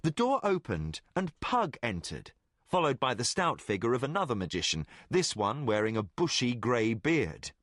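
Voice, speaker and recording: A man narrating a fantasy audiobook in deliberate, expressive storytelling. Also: medium pitch, no echo, studio quality. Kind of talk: scripted narration.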